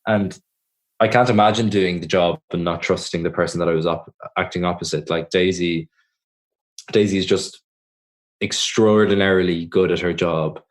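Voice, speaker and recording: A man's voice: deep voice, fairly even intonation, moderate pace. A young Irish man in his twenties, answering interview questions about his acting work in a thoughtful way, often restarting his sentences. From Ireland. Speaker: actor guest.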